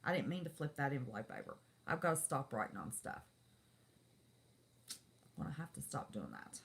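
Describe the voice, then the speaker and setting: A woman's voice: very deep voice, wildly swooping pitch, moderate pace, creaky, slight background noise. A middle-aged woman, chatting folksily with viewers on her live stream. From West Virginia. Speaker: livestream host. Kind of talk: casual live-stream chat.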